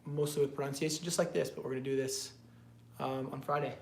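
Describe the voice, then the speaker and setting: A man's voice: mid-range voice, steady tone, fast talker, creaky, slight background noise. A man co-hosting a language lesson, chiming in with short, upbeat remarks and friendly announcements. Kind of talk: casual lesson chat. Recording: roomy echo.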